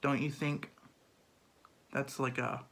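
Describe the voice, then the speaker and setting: Picture a sly, scheming king who chats in casual modern slang, as a man puts him on in a plain voice, making murder sound like a passing favor. His voice sits at an ordinary middle pitch. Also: flat delivery, slow pace, vocal fry, fairly bright tone, exaggerated voice.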